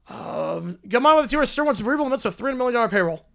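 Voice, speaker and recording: A man hosting a live sports stream, giving quick offhand opinions and thanking his chat. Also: extremely high pitch, very animated, vocal fry, a bit bright. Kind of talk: casual live-stream chat reacting to viewers.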